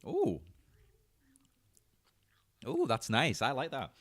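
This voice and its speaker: A man's voice: mid-range voice, huge pitch swings, takes it slowly, no room sound. A man co-hosting a podcast, tossing in dry, playful quips during a casual chat. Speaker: podcast co-host.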